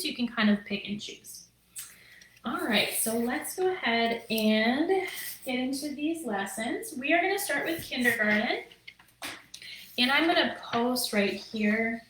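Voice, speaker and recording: A woman's voice: a little high, fairly bright tone, reverberant, low-quality recording. A woman in her thirties, a teacher, explaining lessons to the camera in a chatty, upbeat way. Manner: chatty and upbeat, lots of fillers and "right?". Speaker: teacher and curriculum creator. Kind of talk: casual teaching video, talking to camera.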